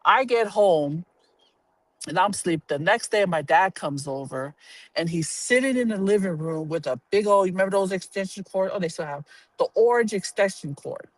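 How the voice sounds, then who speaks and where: A man telling a personal story to a live audience, animated and blunt, swearing casually and acting out the voices of the people in it. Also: high-pitched, moderate pace, no room sound. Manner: animated, acts out quoted voices, laughs while telling.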